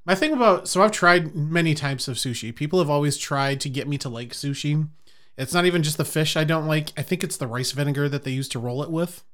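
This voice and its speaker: A man's voice: a little high, brisk, fairly bright tone. A man guesting on a podcast in casual chat, blunt and teasing with jokes.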